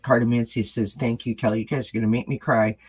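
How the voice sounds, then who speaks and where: A man hosting his tarot channel, talking casually and earnestly to viewers, halting with many ums and restarts. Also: medium pitch, little pitch movement, breathy edge, soft background music, poor audio. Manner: earnest and gentle. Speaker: tarot reader and channel host.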